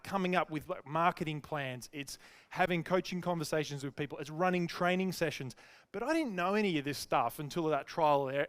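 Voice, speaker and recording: A man, a business coach telling a chatty, self-deprecating story full of fillers. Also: high voice. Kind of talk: storytelling talk.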